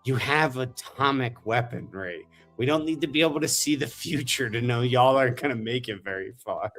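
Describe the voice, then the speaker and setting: A man voicing a relaxed, easygoing male alien stranded on Earth, speaking in a casual, unbothered way. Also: medium pitch, moderate pace, soft background music, close to an everyday voice. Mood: matter-of-fact.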